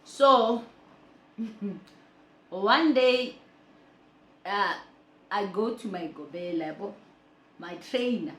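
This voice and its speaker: A woman telling her own story in a lively way, laughing often. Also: mid-range voice, drawn-out words, long pauses. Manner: animated, laughing, mixes languages. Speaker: storyteller sharing her life journey. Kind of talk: personal storytelling vlog. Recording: roomy echo.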